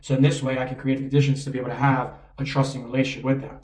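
A man with a medium-pitched, darkish voice coaches in rapid-fire, conversational speech with little pitch movement, constantly checking in with "right?". The mic sits at a distance, giving a roomy echo.

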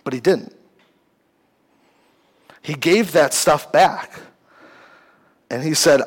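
A young man preaching a relaxed sermon to a youth group from the stage of a church. His voice sits a little high for a man, and he talks in a loose, conversational way, full of "like" and quick restarts. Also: husky, poor audio. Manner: conversational, uses many fillers like "like". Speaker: youth pastor. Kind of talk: casual sermon. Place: church hall, speaking from a stage.

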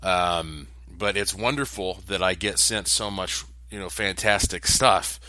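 Chatty low-voiced man with a bright tone. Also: measured pace. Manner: chatty and rambling, with many fillers and restarts. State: voice strained from overuse. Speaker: host of his own daily video show. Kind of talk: casual daily video update. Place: home condo in a high building.

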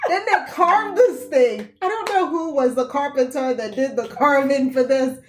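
A woman's voice: high-pitched, normal speed. A woman in a casual faith chat, playful and laughing a lot as she acts out voices. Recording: roomy echo.

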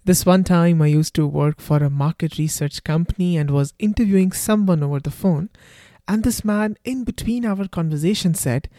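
A man's voice: sits high, normal speed, warm tone, dry recording, studio quality. Indian-accented man hosting a podcast. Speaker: podcast host. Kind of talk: scripted podcast introduction. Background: faint guitar music.

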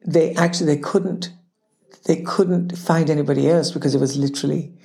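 A woman's voice: sits low, brisk, gravelly. An older woman, an actress guest, telling stories in a casual chat, laughing often and acting out what people said. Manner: lively storyteller, laughs often, acts out quoted voices.

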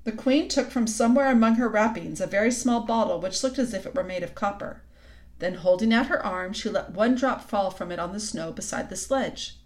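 A woman narrating a children's book aloud in a calm, even storytelling manner. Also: mid-range voice, brisk.

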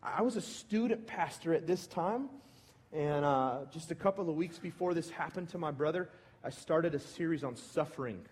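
Man in his thirties, pastor telling a story in a sermon, a touch high-pitched, big reverberant church hall. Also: normal speed, breathy edge. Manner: personal storytelling, swinging from hushed to emphatic. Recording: long reverb of a large hall.

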